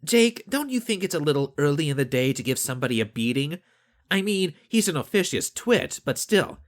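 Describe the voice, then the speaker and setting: A man voicing a blunt, skeptical young woman on a spaceship crew, pitching his voice up into a lighter register. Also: very animated, brisk.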